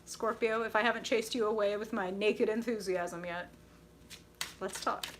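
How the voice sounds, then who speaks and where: A woman's voice: mid-range voice, normal speed, slight background noise. A young woman hosting a live tarot reading stream, gushing and enthusiastic as she reacts to viewers. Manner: bubbly, gushing, reacts to chat with excited squeals.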